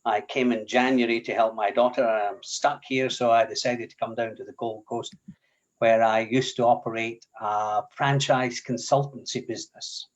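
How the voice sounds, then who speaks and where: A man's voice: mid-range voice, fairly even intonation, normal speed. Man from australia, video call, dull lo-fi audio, matter-of-fact, plainspoken. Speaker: franchise consultant. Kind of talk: casual self-introduction.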